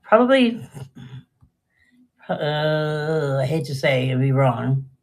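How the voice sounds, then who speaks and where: Older woman with a gravelly voice. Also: deep voice, expressive, slow, darkish tone. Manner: chatty and rambling, trailing off mid-sentence. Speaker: live-stream jewelry seller. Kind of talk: casual live-sale chat.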